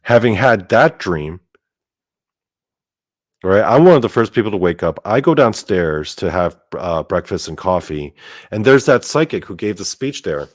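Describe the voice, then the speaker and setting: A man telling a story in a casual monologue, animated and profane, with lots of "like" fillers. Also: on the low side, moderate pace, no room sound, clean studio sound. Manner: animated and profane, heavy use of "like". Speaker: storyteller host.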